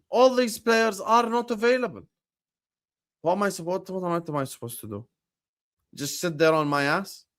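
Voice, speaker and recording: Man, high voice, football livestream host, emphatic, argumentative, rhetorical questions. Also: a bit bright. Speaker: streamer and football pundit.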